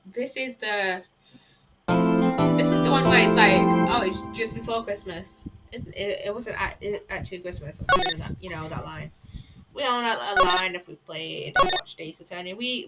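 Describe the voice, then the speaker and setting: A woman's voice: medium pitch, normal speed, over loud music, low-quality recording. A woman streamer reading a game aloud, with exasperated, casual commentary and frequent swearing. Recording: loud background noise.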